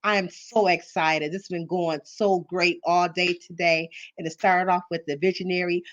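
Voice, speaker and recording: A woman's voice: fairly low pitch, fairly even intonation, normal speed, highs cut off. Nervous, chatty middle-aged woman host. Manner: nervous, apologetic and chatty, many ums and you-knows. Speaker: YouTube live-stream host. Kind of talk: casual livestream chat.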